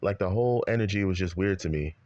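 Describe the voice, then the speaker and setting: Male commentator, fired-up profane rant, lowish voice, dry dull-sounding mic. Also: fast, a little mellow, no echo. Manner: heated, profane, repetitive rant. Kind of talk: ranting commentary.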